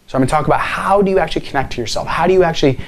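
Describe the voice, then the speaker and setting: A man's voice: a little high, very fast, a little hiss or hum. A man giving an earnest motivational talk to camera as a healing coach, speaking directly and asking many rhetorical questions.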